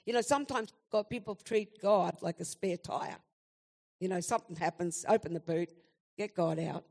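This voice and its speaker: A woman's voice: on the low side, normal speed, a little mellow. A woman in her sixties giving an earnest, heartfelt spoken testimony to a church gathering.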